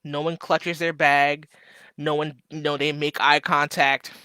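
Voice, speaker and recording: A man's voice: a little high, flat delivery, a little slow, pushed and bright, smooth, dry recording, studio quality. A man hosting a casual live stream, reading viewers' messages aloud and answering with joking asides.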